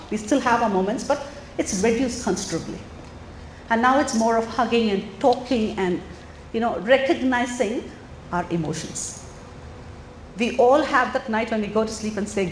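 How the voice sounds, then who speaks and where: A middle-aged woman giving an earnest, animated talk to parents at a school coffee morning, often putting questions to the audience. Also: on the high side, normal speed. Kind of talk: lively talk to a room of parents. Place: school hall or meeting room. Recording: echoey room, faint background noise.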